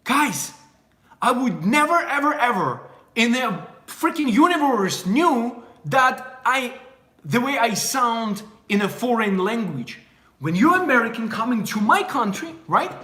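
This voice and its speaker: A young man from Russia with a Russian accent, giving a casual language lesson and repeating phrases slowly and clearly. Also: very high-pitched, big pitch swings, pushed and bright, reverberant. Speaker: language teacher.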